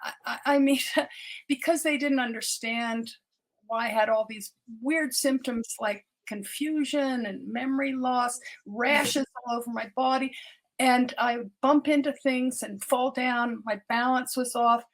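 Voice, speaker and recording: A woman's voice: fairly high pitch, measured pace. An older woman, a doctor, telling her personal story as a podcast guest, earnest and often repeating words as she restarts her sentences.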